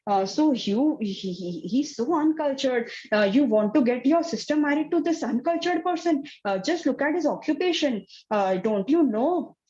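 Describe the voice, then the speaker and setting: A woman's voice: sits high, lively intonation, normal speed, few pauses, warm tone, dull audio, pitched above the performer's own voice. A woman voicing a boastful, scornful male king who mocks a rival, with frequent fillers. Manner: sneering, hesitant with fillers.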